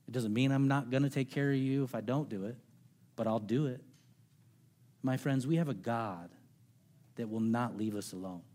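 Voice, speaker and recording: Earnest pastor preaching a sermon. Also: male voice, medium pitch. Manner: earnest storytelling, shifting to quiet intimate tones.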